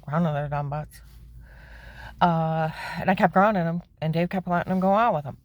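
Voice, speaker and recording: A woman telling the story of her own life in plain words, emphatic and indignant, her voice climbing high when she is upset. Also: moderate pace, no echo. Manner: plain-spoken, with frequent "okay?" asides. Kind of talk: personal testimony, candid storytelling.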